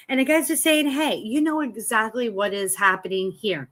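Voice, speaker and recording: A woman's voice: medium pitch, animated, a little fast, few pauses, fairly bright tone. A woman hosting a live tarot reading from home, talking in a chatty, encouraging and reassuring way. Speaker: tarot reader.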